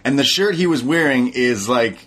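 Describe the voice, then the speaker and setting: A man co-hosting a casual chat, talking as a relaxed and enthusiastic wrestling fan. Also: mid-range voice, moderate pace. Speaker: co-host.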